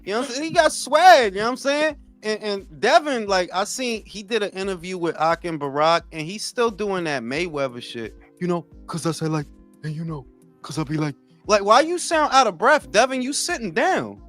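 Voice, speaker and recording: A man's voice: high voice, fairly quick, soft background music. A man co-hosting a casual boxing podcast, swearing freely, joking and slipping into mocking impressions. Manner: animated, swearing, jokey, slips into mocking impressions. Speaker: podcast co-host.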